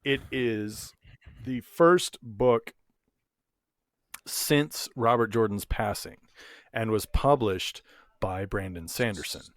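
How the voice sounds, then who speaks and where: A man's voice: on the low side, slow pace, pauses often, no room sound, studio quality. A man co-hosting a casual podcast chat, laughing often and hiccuping as he talks. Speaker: podcast co-host.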